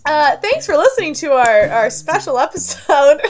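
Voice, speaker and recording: A woman's voice: high voice, sing-song, unhurried, faint music behind. A woman co-hosting a podcast in casual chat, giggly and playful. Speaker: podcast co-host.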